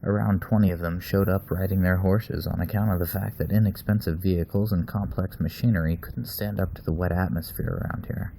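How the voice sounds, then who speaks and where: Low, gravelly-voiced man reading a story. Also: steady tone, a little fast, hardly any pauses, warm tone, slight background noise.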